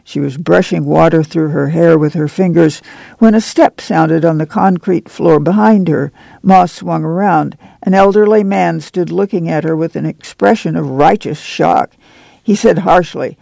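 A man narrating a novel in a measured, plain storytelling manner. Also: on the high side, vocal fry, warm tone, no echo. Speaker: audiobook narrator. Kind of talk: scripted narration.

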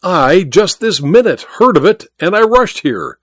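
An excitable dapper gentleman, as a male narrator puts him on, pressing his point with urgent insistence. The voice is raised above the reader's own and leaps with animated pitch. It sounds close and dry. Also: unhurried, no echo, heavily acted.

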